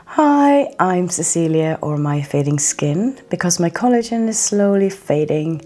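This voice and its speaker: A woman's voice: unhurried, few pauses, soft background music. A woman vlogging casually to camera, chatty and self-deprecating, her voice a little groggy from a coming cold. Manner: chatty and self-deprecating, with lively jumps in pitch. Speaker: skincare vlogger.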